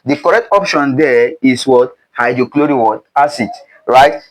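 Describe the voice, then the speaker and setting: A young man tutors exam chemistry in a call-and-response style. He keeps breaking off with a questioning "what?" before he gives each answer, and his voice sits at a middle pitch. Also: normal speed, rough recording. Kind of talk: exam prep lesson.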